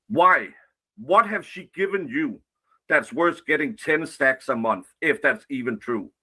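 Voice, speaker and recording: A man's voice: fairly high pitch, lively intonation, a little slow, bright, forceful tone, slightly rough. A man on a played clip, ranting angrily and profanely, confronting his critics. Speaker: online commentator. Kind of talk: angry rant.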